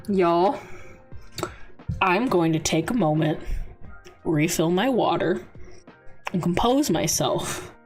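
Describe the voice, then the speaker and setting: A young woman streaming a game, chatting casually and teasing her chat, often exasperated and laughing. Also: lowish voice.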